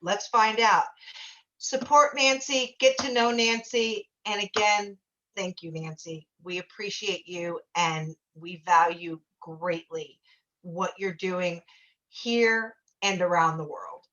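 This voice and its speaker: A woman's voice: mid-range voice, steady tone, slow, a bit bright. A woman hosting an interview show, gushing and effusive, often restarting her sentences. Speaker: talk show host. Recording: dull, lo-fi audio.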